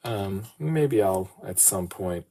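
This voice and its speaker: Very deep-voiced man musing while building. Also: slow pace. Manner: rambling, self-deprecating, muttering to himself. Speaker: podcast host. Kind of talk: casual solo talk while building a model. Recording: steady background noise.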